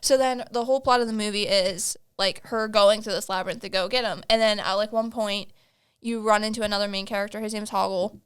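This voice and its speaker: A woman's voice: mid-range voice, fairly even intonation, brisk, fairly bright tone, smooth. A young woman co-hosting a podcast in a casual, chatty way, peppering her talk with "like.". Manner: chatty, lots of "like". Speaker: podcast co-host. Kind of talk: casual chat.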